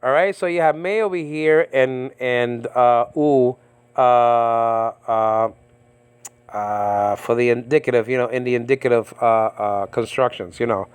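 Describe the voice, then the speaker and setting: A man teaching a casual verse-by-verse lesson on biblical Greek and Hebrew, halting often with fillers and checking in with "okay?". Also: mid-range voice, clear, resonant tone, no room sound. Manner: halting, many fillers and repeated okays. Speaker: Bible teacher. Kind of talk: informal verse-by-verse language lesson.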